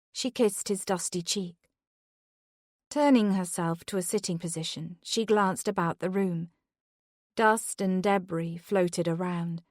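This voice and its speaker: Narrator: woman, unhurried and tense, medium pitch, dry close-miked read. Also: no echo. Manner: slow, measured, tense. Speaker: audiobook narrator. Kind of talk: scripted thriller narration.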